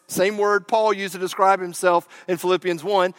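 Male preacher with a high voice and dry, close sound; animated storyteller who drops from loud bursts to a near hush. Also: normal speed, no room sound. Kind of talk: sermon.

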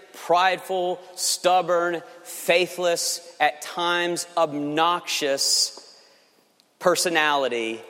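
A man preaching a sermon as pastor, emphatic and swinging between loud passages and hushed ones. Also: fairly high pitch, long reverb tail.

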